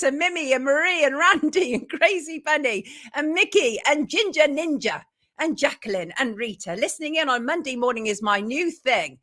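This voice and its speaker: A woman's voice: fairly high pitch, normal speed, a bit bright. A woman hosting a live morning show, chatting and greeting viewers by name. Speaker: host.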